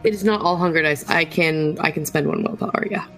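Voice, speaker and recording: A woman with a lowish, gravelly voice plays in a tabletop role-playing game. She speaks haltingly and with feeling, with faint music underneath. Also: a bit bright. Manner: hesitant, halting, emotional in character. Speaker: player. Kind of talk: tabletop role-play with in-character lines.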